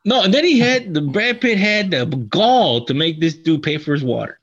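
A man's voice: fairly high pitch, animated, moderate pace, fairly bright tone. A man co-hosting a casual movie review podcast, laid-back, swearing and laughing as he retells scenes. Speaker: podcast co-host. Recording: slightly dull lo-fi sound.

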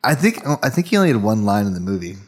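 A man co-hosting a comedy podcast, tossing off dry, deadpan quips in casual chat. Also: fairly low pitch, racing. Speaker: podcast co-host.

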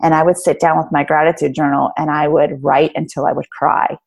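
Low, gravelly-voiced woman coach. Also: flat delivery, a little fast, darkish tone. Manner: earnest, reflective, many fillers like "um" and "like". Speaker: guest, life coach. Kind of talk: casual podcast conversation.

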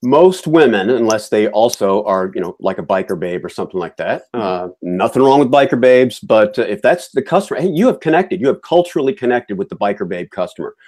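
A man's voice: on the low side, expressive, a little fast, few pauses, a little mellow. A man hosting a podcast, giving his opinions in a chatty, casual way. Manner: chatty and opinionated, with frequent fillers and restarts. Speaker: podcast host.

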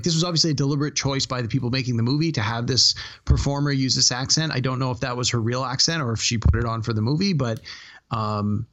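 A man co-hosting a casual movie podcast, talking in a halting way with many restarts and fillers. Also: a little high, fairly bright tone, muffled recording. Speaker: podcast co-host.

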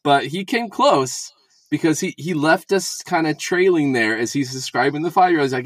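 A man's voice: a little high, lively intonation, moderate pace, dry recording. A man co-hosting a casual podcast chat about church talks, wry and joking, often acting out quotes. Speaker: podcast co-host.

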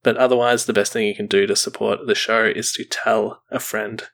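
A young man co-hosts a relaxed podcast, his voice carrying a gravelly fry. He runs through social media plugs and listener reviews in an easygoing way, laughing between lines. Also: lowish voice, brisk. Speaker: podcast co-host. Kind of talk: casual podcast chat.

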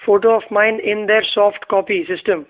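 A man with an Indian English accent telling a personal story in a relaxed, easy-laughing manner. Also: high voice, moderate pace. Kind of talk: casual anecdote telling. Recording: tinny phone-like sound.

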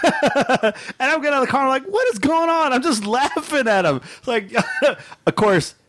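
Animated guy w a high voice telling a family story, laughs a lot, super dry sound. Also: normal speed, dry recording. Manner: animated, laughs often, mimics screams in a high voice. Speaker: podcast co-host. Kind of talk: casual storytelling.

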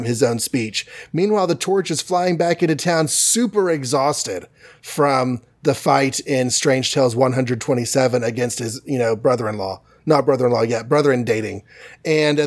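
A man hosting a podcast, recapping a comic in a rambling, jokey way. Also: medium pitch. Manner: rambling, jokey, many fillers. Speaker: podcast host. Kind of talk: casual comic book recap.

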